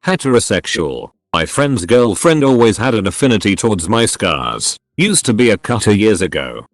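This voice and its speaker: A man narrating a series of anonymous stories in a steady, matter-of-fact scripted reading. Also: fairly low pitch, moderate pace, no echo, studio quality.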